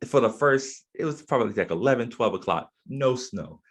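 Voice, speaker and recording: Young male podcast host, laid-back and slangy, very low husky voice. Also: lively intonation, quick pace, few pauses. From Eastern Shore, USA. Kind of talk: casual chat.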